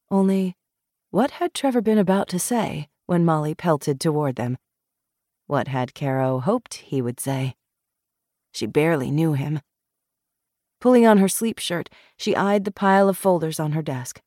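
A woman narrating an audiobook in a measured, expressive way. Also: low voice, no room sound, studio quality.

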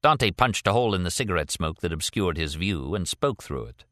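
A man with a deep voice reads a novel aloud, letting his pitch rise and fall widely as he tells it. The sound is close and completely dry, with no room around it. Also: expressive, a little fast, a bit bright, no room sound. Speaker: audiobook narrator. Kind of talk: scripted narration.

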